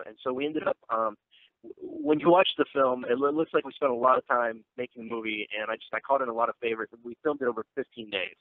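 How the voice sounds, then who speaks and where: It's a man of medium pitch, talking fast on a tinny phone line with no echo. Interviewed as an actor and filmmaker about his film, he rambles casually, stumbling through fillers and restarts.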